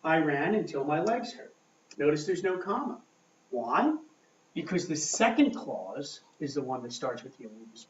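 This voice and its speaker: A man teaching a grammar lesson at a board, talking slowly and checking in often with "okay?". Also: fairly high pitch, slight background noise. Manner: slow, checking in with frequent "okay?". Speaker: English teacher. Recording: echoey room, mic far off, dull lo-fi sound.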